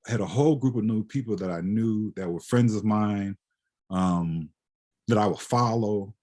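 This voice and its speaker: A man's voice: lowish voice, normal speed, a little mellow. A man giving a reflective, conversational lecture as a guest photographer, often tagging his points with "right?". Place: lecture hall.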